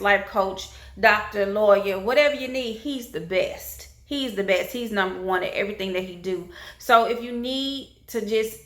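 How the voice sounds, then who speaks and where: A woman's voice: mid-range voice, sharp tone, echoey room. A woman giving a casual Christian encouragement talk with features, emphatic and repetitive, driving points home by saying "period". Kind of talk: casual inspirational pep talk.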